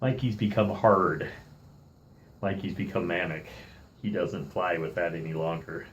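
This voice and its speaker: A middle-aged man telling a story in a casual vlog, animated and irritated, playing both sides of an argument and calling himself by name in the third person. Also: low voice, unhurried, muffled recording, a little hiss or hum. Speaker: vlogger.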